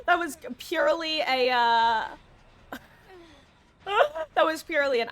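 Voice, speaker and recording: A woman's voice: high voice, slow, long pauses, a bit bright. A woman streaming herself playing a game, with playful, goofy commentary and frequent laughter. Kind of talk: livestream gameplay commentary.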